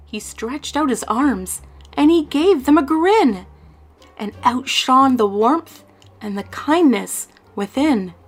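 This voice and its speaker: A woman reading a rhyming children's picture book aloud in a lively, sing-song way. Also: high-pitched, takes it slowly. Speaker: storyteller.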